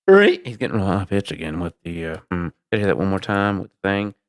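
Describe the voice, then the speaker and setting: A man hosting a live-stream podcast, loud and exasperated, swearing and swinging between shouts and low mutters. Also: steady tone, fast talker. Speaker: livestream podcast host.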